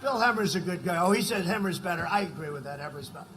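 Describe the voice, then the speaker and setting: A man in his seventies giving a rambling campaign rally speech from a podium mic, full of conversational asides and sudden shouted lines. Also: high voice, expressive, fast, slight background noise, poor audio. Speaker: political rally speaker. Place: political rally.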